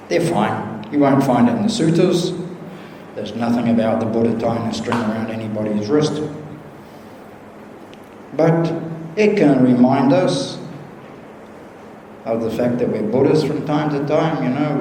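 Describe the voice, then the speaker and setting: Man, Western monk giving a wry, anecdotal talk; warm dark tone, roomy hall sound with faint ambience. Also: medium pitch, a little hiss or hum. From Western country. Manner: humorous, chuckling at his own stories, acts out dialogue. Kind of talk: informal sermon with anecdotes. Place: large temple hall. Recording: echoey hall recording with faint room ambience.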